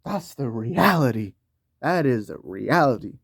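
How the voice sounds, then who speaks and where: A man's voice: mid-range voice, big pitch swings, measured pace, creaky, husky, dry recording, studio quality. A man delivering a heated, profanity-laced commentary rant on video, talking in slang. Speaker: YouTube commentator.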